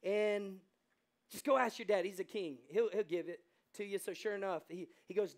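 A high-sitting male voice with an American accent carries this sermon at a moderate pace. The pastor alternates quiet side remarks with fervent, loud exclamations and dramatizes quoted speech.

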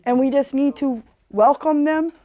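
In a high-pitched, dark-toned voice and an unhurried pace, a Hawaiian woman with a Pidgin-tinged accent addresses her community. She's earnest and conversational, sharing stories and repeatedly asking "you know."

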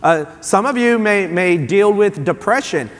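A man in his thirties preaching in a church sanctuary, his rather high voice ringing with the long reverb of the hall. He tells his stories in an animated, loose way, full of fillers and restarts, and he keeps coming back to his point. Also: measured pace. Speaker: pastor. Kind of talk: sermon.

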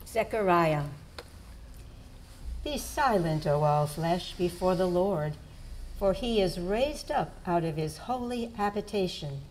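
A woman reading Bible passages aloud at a church service, slow and measured. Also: fairly low pitch, lively intonation, darkish tone, slight background noise, poor audio.

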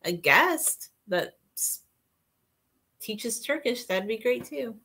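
A soft-spoken woman in casual conversation, chatty and agreeable. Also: fairly high pitch, lively intonation, slow, slightly rough. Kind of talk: casual chat.

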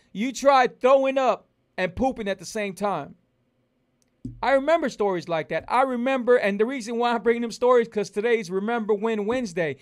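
High-voiced emphatic man coaching viewers. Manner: emphatic, repetitive, preacher-like delivery. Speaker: health and fitness coach. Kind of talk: motivational talk to viewers.

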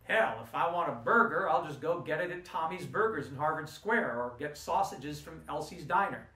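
A man voicing a relaxed male student who shrugs off giving up meat, in a casual, offhand tone, recorded in a roomy space from a distance. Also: a little high, moderate pace. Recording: roomy room, distant mic.

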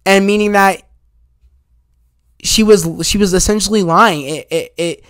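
A man's voice: sits high, a little slow, fairly bright tone, clear, resonant tone, dry recording, clean studio sound. A man giving a casual spoiler review of a film, eagerly retelling scenes and quoting dialogue as he rambles on.

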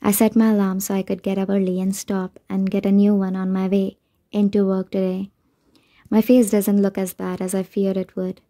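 A woman reads a first-person novel aloud in a measured, steady way. Her voice is mellow and dark, with a flat, even pitch line. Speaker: audiobook narrator.

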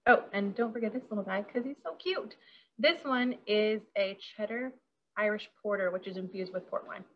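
A woman's voice: mid-range voice, normal speed, lo-fi sound, slight background noise. Bubbly, giggly woman caterer demonstrating. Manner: bubbly and chatty, giggling often. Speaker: caterer leading a workshop. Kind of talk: casual hands-on demonstration.

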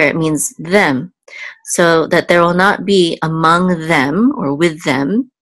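Low-voiced woman teaching Hebrew slowly. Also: a bit bright, dry recording, poor audio. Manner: slow, careful, with many ums and restarts. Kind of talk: patient word-by-word lesson.

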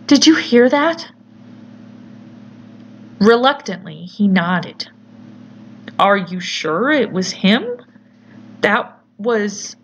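A woman narrating a horror story in a measured, deliberate storytelling manner. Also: mid-range voice. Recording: slightly muffled with faint hiss.

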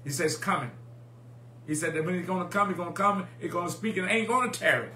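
A man's voice: high voice, fast talker, bright, forceful tone. A man preaching a sermon in a rhythmic, repeating call-and-response style, recorded in an echoey church with a faint hum. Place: church sanctuary.

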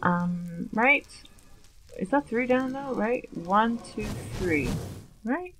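A woman's voice: on the high side, lively intonation, slow, background noise. A woman giving casual gameplay commentary, chatty and nervous, often questioning herself aloud. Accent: Long Island put-on at times. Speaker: let's play gamer.

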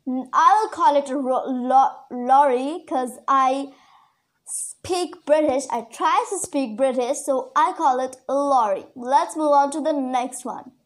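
A high-pitched woman, first language Urdu, talks her way through an online English vocabulary lesson. She slows down to repeat the key words for her learners.

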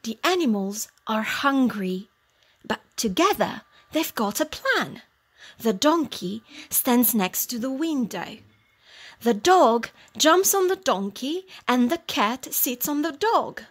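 Woman, storybook narration, very slow, clear simple phrasing, fairly high voice. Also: sing-song. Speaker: teacher reading a story. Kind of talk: slow storybook narration for young English learners.

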